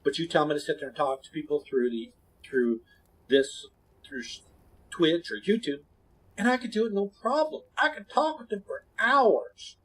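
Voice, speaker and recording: A man streaming, chatting with his viewers in a blunt, candid, rambling way that often drops suddenly to a quiet mumble. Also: on the high side, animated, normal speed, husky. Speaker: gaming streamer. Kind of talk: casual chat to stream viewers.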